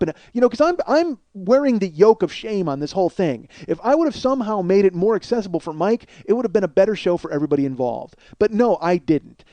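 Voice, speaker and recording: A man's voice: high-pitched, mellow, no echo. A man telling a rambling, profane, self-deprecating comedic story as a podcast host.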